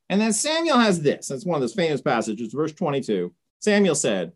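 A woman's voice: deep voice, big pitch swings, normal speed, hardly any pauses. A woman teaching a Bible study lesson in a conversational way, retelling the story with frequent asides.

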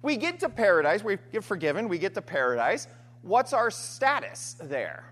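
Male pastor, sermon, chatty and animated, higher voice. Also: moderate pace. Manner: conversational, frequent "right?" asides and restarts.

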